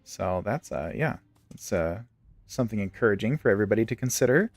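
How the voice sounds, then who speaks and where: A man's voice: lowish voice, lively intonation, fairly quick, no room sound. A young man streaming a game, chatting and joking while telling stories. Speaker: gaming streamer. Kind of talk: casual chat while playing a game.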